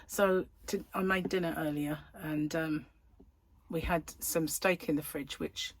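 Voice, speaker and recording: A chatty woman vlogging and telling jokes, laughing as she goes. She talks at an unhurried, slow pace. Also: low-pitched, steady tone. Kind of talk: casual chat. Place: in a van.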